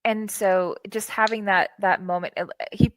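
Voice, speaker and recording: Host: excitable, chatty woman from the United States, stumbling restarts, dry close sound on a video call. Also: mid-range voice, normal speed, no echo. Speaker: podcast host. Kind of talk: casual interview chat. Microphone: video call with green screen.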